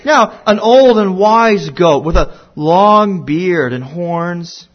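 A man teaching a Bible lesson to children, telling it slowly and deliberately with playful asides. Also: high voice, lively intonation, dull audio.

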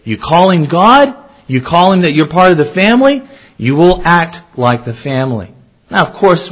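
A man's voice: a little high, a bit bright, husky, rough recording. A man preaching a sermon as pastor, earnest, asking his listeners questions and repeating key phrases for emphasis.

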